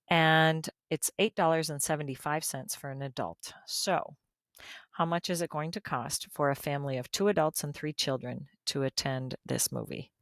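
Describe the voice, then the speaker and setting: A woman's voice: sits low, dry recording, clean studio sound. A middle-aged woman teaching math in a recorded video lesson, chatty and folksy with joking asides.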